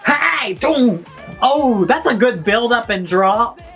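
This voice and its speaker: A woman hosting a song reaction video, effusive and bursting into shouts, gasps and bits of singing along. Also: fairly high pitch, expressive, slow. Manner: sings and hums along. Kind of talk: excited song reaction commentary. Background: faint music.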